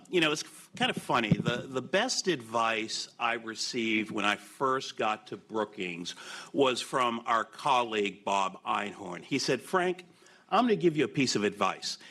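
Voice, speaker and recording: A man at a podium giving a prepared policy speech, opening with lively quips before settling into formal remarks and emphatic quotations. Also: medium pitch. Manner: reads quotations with rising emphasis. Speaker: keynote speaker. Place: conference hall podium.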